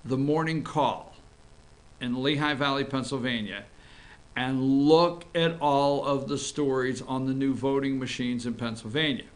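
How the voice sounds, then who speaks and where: A man from North Georgia, hosting a live online morning show in an excitable, rambling, emphatic way. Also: mid-range voice, unhurried. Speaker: host.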